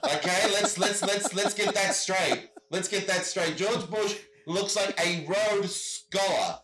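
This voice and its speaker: A man's voice: high voice, takes it slowly, echoey room, background noise. A man from Australia with an Australian accent, telling rambling stories in casual chat and often repeating "I gotta tell you.". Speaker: guest. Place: home in Michigan.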